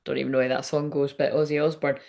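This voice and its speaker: A woman's voice: very deep voice, flat delivery, quick pace, creaky, a little mellow. A woman giving a casual tarot reading, chatty and frank, swearing often and laughing as she talks. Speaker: tarot reader.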